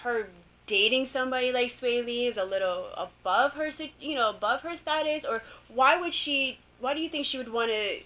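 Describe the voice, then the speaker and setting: Bright, opinionated woman co-host. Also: fairly high pitch, moderate pace. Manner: opinionated, inquisitive. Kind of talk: casual chat.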